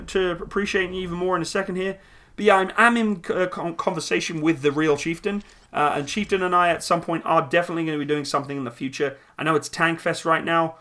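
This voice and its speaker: A man's voice: fairly high pitch, pushed and bright. A man hosting a casual live stream from a room at home, reading viewer comments aloud and answering them upbeat.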